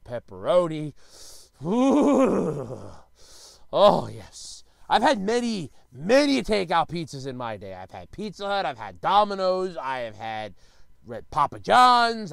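A man ranting comically to camera, animated and exclamatory, repeating himself for emphasis. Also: high-pitched, vocal fry, no echo. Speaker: vlogger. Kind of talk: comedic rant.

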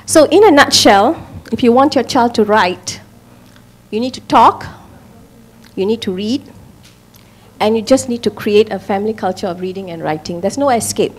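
Woman presenter, fairly high voice, emphatic talk to parents with frequent check-ins. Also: lively intonation, normal speed, long pauses. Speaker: speaker at a parents' education talk.

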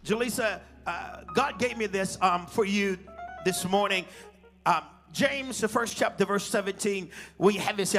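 Male pastor, high gravelly voice, call-and-response sermon, live church stream with music. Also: normal speed. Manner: call-and-response preaching, sings phrases. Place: large church.

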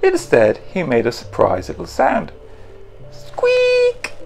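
A man, the author, reading his children's picture book in an animated, playful way and making the sound effects himself. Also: medium pitch, measured pace, creaky, faint music behind.

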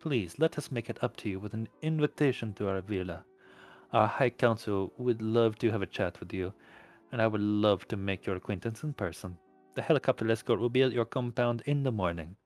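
A man's voice: fairly low pitch, fairly quick, a little mellow, faint music behind, natural voice. Velvety Russian crime countess, as a man reads her. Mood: silky. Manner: silky and courteous. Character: amused flirtatious woman crime boss.

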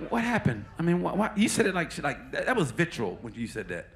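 Animated, gravelly stand-up comic. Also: male voice, a little high. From Oklahoma, USA. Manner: animated, profane, crowd-addressing with quick put-on quotes. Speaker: stand-up comedian. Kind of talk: stand-up comedy set. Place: comedy club stage.

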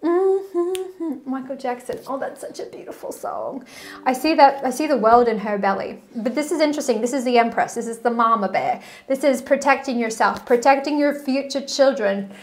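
A woman's voice: a little high, a little fast. A woman spiritual coach talking casually and effusively to her viewers, pulling cards and chatting about energy healing. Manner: animated and effusive, breaks into song.

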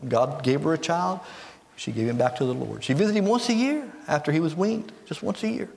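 A man's voice: on the high side, lively intonation, fairly quick, gravelly, a little mellow. A man with an American Midwestern accent preaching a sermon, reading scripture and repeating key points for emphasis. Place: church sanctuary. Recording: long church reverb.

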